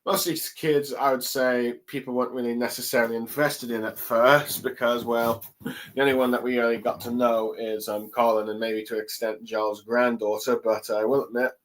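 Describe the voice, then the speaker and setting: A young man casually recapping a comic chapter on his own, halting often with ums and let's sees. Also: medium pitch, level tone, poor audio. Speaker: chapter reviewer. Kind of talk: casual solo commentary.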